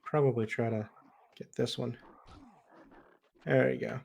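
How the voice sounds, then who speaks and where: A man livestreaming an online game, chatting casually with a friend, relaxed and chuckling as he muses over how words are pronounced. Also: mid-range voice, unhurried, creaky, husky, dull audio. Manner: laid-back, chuckling, muses on word pronunciation. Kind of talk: casual chat while gaming.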